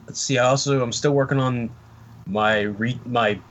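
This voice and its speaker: A man talking casually as a podcast guest, rambling and halting with many fillers. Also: medium pitch, steady tone, a bit bright. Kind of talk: casual chat.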